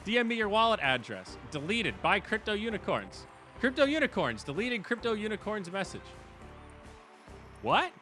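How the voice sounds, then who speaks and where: A man hosting a game stream, chatting casually and excitably, swearing and laughing at his losses. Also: a little high. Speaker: stream host and commentator.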